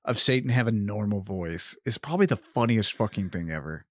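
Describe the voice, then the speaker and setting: A man's voice: fairly low pitch, expressive, fairly quick, dry recording, clean studio sound. A man co-hosting a podcast in casual chat, talking loosely, swearing a lot and laughing often. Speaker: podcast co-host.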